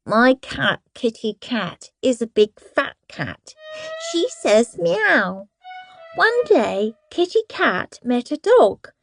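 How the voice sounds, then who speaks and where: A woman's voice: a little high, sing-song, slow pace, gravelly, fairly bright tone, faint music behind, heavily acted. A woman voicing a little girl who speaks in a simple, matter-of-fact way. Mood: plain. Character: plain-spoken little girl.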